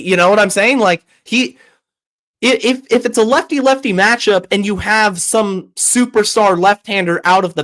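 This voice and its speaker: A man's voice: sits high, fairly bright tone. A man hosting a sports podcast, giving heated, opinionated commentary with frequent restarts and stammers.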